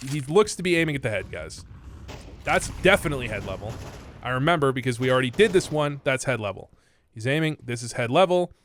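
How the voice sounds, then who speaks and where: A man's voice: fairly high pitch, a bit bright. Young male streamer from Canada, rambling casual commentary, faint background noise on the mic. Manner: rambling, chatty, swearing, frequent fillers. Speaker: gaming content creator. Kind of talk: casual commentary over gameplay review. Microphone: desk microphone.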